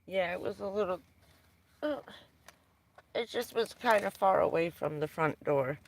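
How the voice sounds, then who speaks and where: A woman live-streaming casual chat from inside her parked van at night, blunt and quick to swear, alternately scolding and soothing her dog. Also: fairly low pitch, lively intonation, creaky. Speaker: livestreaming van dweller.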